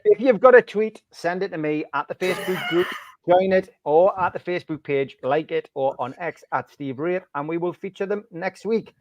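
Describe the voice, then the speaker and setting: A man's voice: sits high, normal speed, no room sound. A man hosting a fan podcast, chatty and cheeky as he reads out jokes. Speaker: podcast host. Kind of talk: casual chat reading out jokes.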